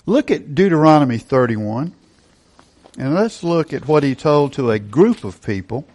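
A man's voice: on the high side, lively intonation, normal speed, darkish tone. A middle-aged male pastor preaching a sermon, emphatic and asking rhetorical questions.

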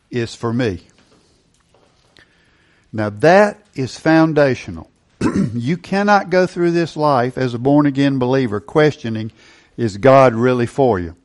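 A middle-aged male pastor preaching a sermon, emphatic and asking rhetorical questions. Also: fairly high pitch.

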